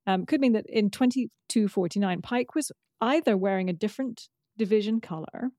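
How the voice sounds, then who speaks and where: A woman co-hosting a podcast, chatting casually with fillers and quick asides. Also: medium pitch, dark tone, dry recording. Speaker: podcast co-host. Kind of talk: casual chat about a TV episode.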